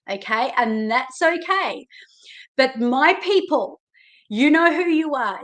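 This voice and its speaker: A woman with an Australian accent gives a motivational talk to her viewers. Her voice sits a little high and she takes her time, leaning hard on key words and addressing the listener directly. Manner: emphatic, animated, speaks directly to listener. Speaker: self-help coach.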